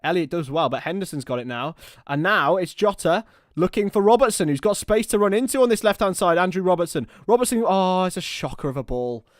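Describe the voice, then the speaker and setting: A young man giving live partisan football commentary on a watchalong stream, excitable and prone to shouting. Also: high voice, fairly quick, no echo, studio quality.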